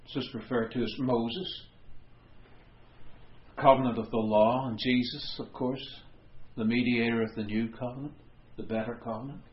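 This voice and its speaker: A man's voice: mid-range voice, echoey room, highs cut off. A man preaching an expository sermon, conversational with wry asides.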